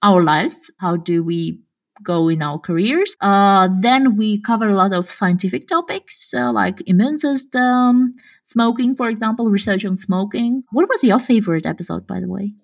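A woman's voice: medium pitch, expressive, normal speed, creaky. A woman from Kazakhstan whose first language is Russian, co-hosting a podcast in casual chat, laughing often and thinking aloud with fillers. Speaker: podcast co-host.

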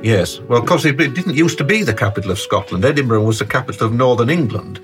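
A man in a casual chat, speaking unhurriedly and halting often with fillers as he tells stories. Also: medium pitch, lively intonation, fairly bright tone, faint music behind.

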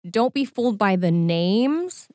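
A woman's voice: medium pitch, sing-song, unhurried, darkish tone, a little hiss or hum. A woman co-hosting a talk show who talks in a conversational way and often laughs lightly. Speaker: co-host.

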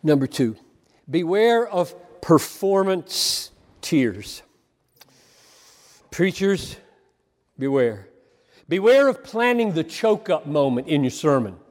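A man preaches with fervor, pressing his points through repetition and sudden emphasis. His voice sits high for a man. The sound carries the long reverb of a big hall. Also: sing-song, slow, long pauses, a little mellow. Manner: impassioned, emphatic, repeats words for stress. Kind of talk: sermon.

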